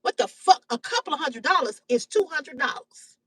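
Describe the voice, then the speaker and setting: Woman in her fifties, very high voice, blunt profane live-stream rant, dry close sound. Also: animated, normal speed, dry recording, far from the mic, low-quality recording. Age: 50s. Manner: blunt, loud, heavy cursing. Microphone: phone or webcam on a live stream.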